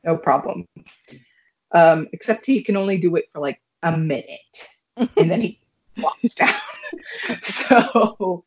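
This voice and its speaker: A young woman telling a story as a podcast guest, animated and laughing, with plenty of fillers. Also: lowish voice. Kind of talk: casual storytelling. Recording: muffled lo-fi recording.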